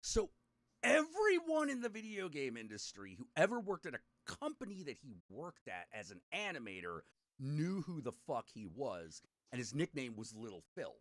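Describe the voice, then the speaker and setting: A man's voice: mid-range voice, huge pitch swings, moderate pace, no echo, clean studio sound. A middle-aged man, a podcast host, telling a rambling story in casual chat, swearing freely and laughing as he goes.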